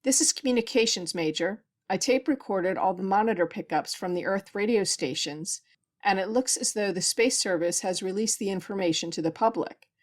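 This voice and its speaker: A brisk, matter-of-fact male communications officer, as a woman reader voices him. He delivers his report at a mid-range pitch. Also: natural voice.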